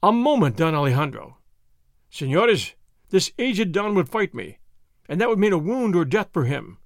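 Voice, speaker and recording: A man voicing a bold masked highwayman who speaks in a lofty, commanding, scornful way in a storybook reading. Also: sing-song, normal speed, creaky, no room sound, studio quality, heavily acted.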